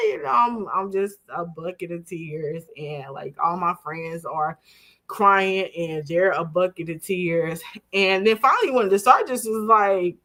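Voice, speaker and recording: A woman's voice: fairly low pitch, unhurried. A woman in her forties, an interview guest, telling a personal story with animation and acting out the voices of others. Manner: animated, acts out quoted voices, laughs while telling.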